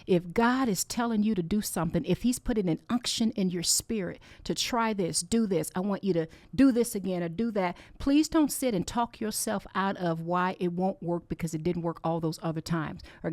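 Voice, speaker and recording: A woman's voice: on the low side, lively intonation, moderate pace, darkish tone, no echo. A woman hosting her own podcast, giving an earnest, encouraging faith-based talk that is close to tears. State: tearful. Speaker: podcast host.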